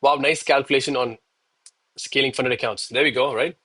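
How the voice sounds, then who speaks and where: A man in his thirties talking live to his viewers in a loose, chatty way, often calling them bro. His voice is bright and forceful, and he is a little winded from push-ups. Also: mid-range voice, fairly even intonation, moderate pace, husky. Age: 30s. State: out of breath between push-ups. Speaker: live trading streamer. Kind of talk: live-stream commentary and chat.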